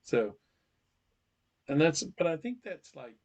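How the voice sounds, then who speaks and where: A man's voice: on the high side, very animated, slow pace, lo-fi sound, a crowd in the background. A man with a Southern US accent, co-hosting a podcast with goofy banter and silly voices. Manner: goofy, puts on silly voices and laughs a lot. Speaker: podcast co-host.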